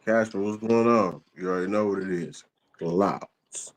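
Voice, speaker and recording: A man's voice: low-pitched, measured pace, low-quality recording. A man hosting a casual livestream, reading viewer comments aloud and chatting in a laid-back, slangy way. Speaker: livestream host.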